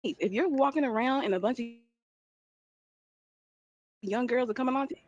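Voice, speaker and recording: A woman in a podcast clip lays out her view firmly and with conviction. Her voice is slightly high, and the audio is dull and lo-fi. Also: normal speed, a little mellow. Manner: firm, opinionated. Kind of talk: conversational podcast talk.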